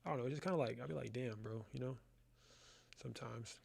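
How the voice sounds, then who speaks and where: A man's voice: medium pitch, fast, vocal fry, a little mellow, husky. A young man casually hosting a live photography class from his studio, rambling and slangy, calling listeners "bro". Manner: loose, rambling, slangy, says "bro" a lot. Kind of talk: casual live-stream chat.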